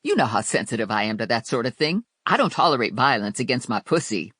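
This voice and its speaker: A woman's voice: rumbling low, big pitch swings, fast talker, fairly bright tone, slightly rough, no room sound, clean studio sound, heavily acted. Narrator doing a sassy, blunt sidekick woman. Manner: sassy, slangy, outspoken. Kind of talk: audiobook character voice.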